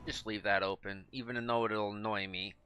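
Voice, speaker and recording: A man's voice: fairly low pitch, steady tone, normal speed, sharp tone, faint music behind. A man giving casual gameplay commentary, thinking aloud and rambling with lots of fillers and restarts. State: speaking with his mouth full. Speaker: gaming video creator.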